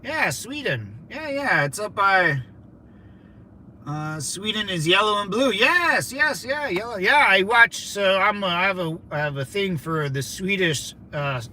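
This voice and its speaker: A man from California livestreaming from a vehicle, rambling excitably through viewer comments with lots of fillers. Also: high voice, unhurried, a little hiss or hum, poor audio. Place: in a moving vehicle in a city.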